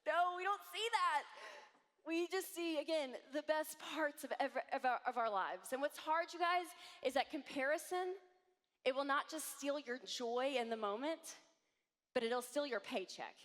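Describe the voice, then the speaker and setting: A woman in her thirties giving an animated conference talk to a live audience, acting out voices as she tells stories. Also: sits high, moderate pace. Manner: animated, acts out quoted voices. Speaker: conference speaker. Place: large hall with audience. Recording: long hall reverb.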